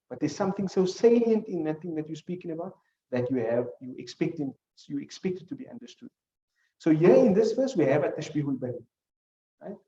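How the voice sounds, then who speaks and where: A man's voice: fairly high pitch, mellow, distant mic, dull audio, a little hiss or hum. Man lecturing in an echoey room. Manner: explains with examples, asks students rhetorical questions. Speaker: teacher. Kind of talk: classroom lecture.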